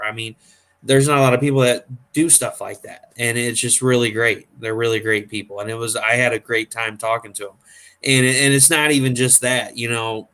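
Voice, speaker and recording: A man hosts a casual chat, telling long, rambling convention stories packed with fillers and acting out the voices he quotes. His voice is mid-range and a bit bright.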